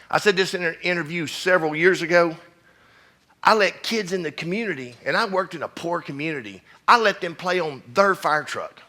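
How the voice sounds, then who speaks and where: Fire chief, middle-aged man, fiery and blunt, raised pitch, bright edge. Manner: blunt, preachy, keeps asking the crowd questions. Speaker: fire chief speaking at a conference. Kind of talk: fiery conference speech.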